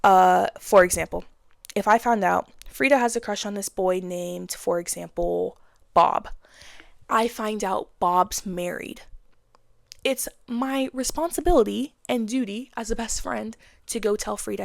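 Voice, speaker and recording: A woman's voice: medium pitch, a little slow, gravelly, no room sound, studio quality. A woman in her twenties giving frank, casual advice in a blunt monologue, with slang and swearing. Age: 20s. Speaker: vlogger.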